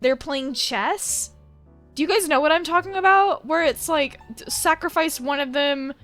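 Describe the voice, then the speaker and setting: A woman's voice: high-pitched, moderate pace, a bit bright, soft background music. A woman streamer chatting casually with viewers in a rambling, giggly way. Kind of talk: casual chat.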